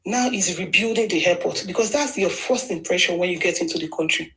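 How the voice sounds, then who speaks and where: A woman's voice: lowish voice, a little fast, a bit bright, low-quality recording. A woman with a Nigerian accent, giving an emphatic, argumentative political monologue in a casual style with frequent restarts. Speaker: political commentator.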